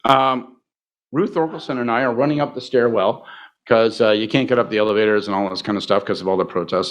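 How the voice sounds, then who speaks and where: A man telling a long story at a live podcast taping, wry, profane and self-mocking. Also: on the low side. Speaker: podcast co-host. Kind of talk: animated storytelling on stage. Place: live event on stage.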